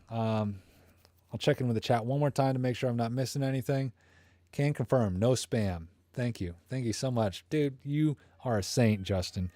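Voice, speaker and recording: A man's voice: medium pitch, dark tone, no echo. Tired, goofy man rambling on a live stream. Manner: goofy, rambling, self-promoting banter. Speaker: YouTube streamer. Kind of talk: casual live-stream chat. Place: small room at home.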